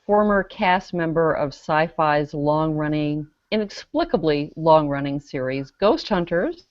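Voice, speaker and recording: A woman's voice: low-pitched, expressive, a little slow, no echo. A woman on a casual web panel show, presenting a news story with dry sarcasm as she reads comments aloud. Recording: dry, dull lo-fi video call audio.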